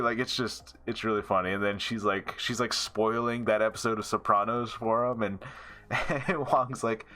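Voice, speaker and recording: A man reviewing an episode in loose, rambling chat, full of fillers and quick laughs. His voice sits a little low yet sounds bright and forward. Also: steady tone. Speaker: show reviewer.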